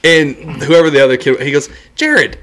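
A man's voice: on the high side, brisk, crowd noise. A man rambling through a story in casual, profane chat with friends. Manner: rambling, animated, lots of "like".

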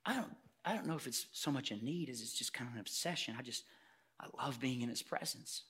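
A man voicing an earnest little boy who speaks softly and hesitantly, pleading in a sermon illustration. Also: mid-range voice, a little fast, husky, voice pushed down. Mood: shy pleading.

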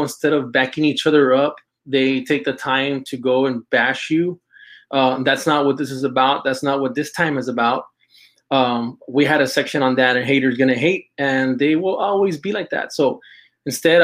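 A man hosting a casual live stream of shout-outs, talking in halting bursts with many restarts and now and then dropping Spanish phrases into his English. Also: medium pitch. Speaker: host of a live stream for an apparel and fishing brand.

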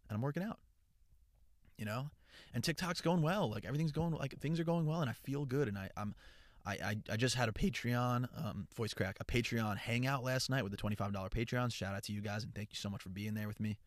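A young man talking straight to his followers in a loose, rambling way. He swears often, restarts his sentences and sounds upbeat and earnest. His voice is fairly low, and the recording is dry and close. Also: fast, no room sound. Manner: rambling and profane, with frequent restarts. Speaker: content creator. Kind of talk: casual chat.

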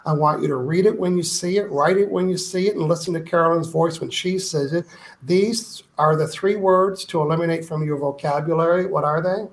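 A man's voice: a little high, a little fast. A man speaking as a guest author in an interview, emphatic and playful, acting out quoted complaints. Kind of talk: animated interview talk.

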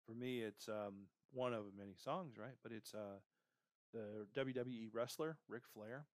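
Recorded cleanly in a studio with no room sound, this podcast host has a mid-range voice and a measured pace. His motivational career show is a pep talk that coaches and guides the listener, with "right?" and "okay?" repeated at the ends of lines.

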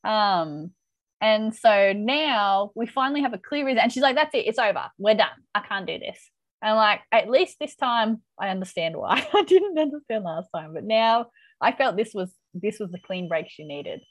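A woman's voice: mid-range voice, lively intonation, moderate pace, no echo, rough recording. A woman co-hosting a casual chat, animatedly retelling a TV episode and reacting with laughs. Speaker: podcast co-host recapping a TV episode.

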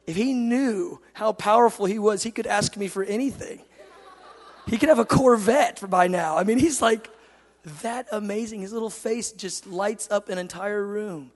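A man in his thirties preaching a sermon, moving between loud passionate declarations and soft, tender storytelling. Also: high voice, moderate pace. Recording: long hall reverb.

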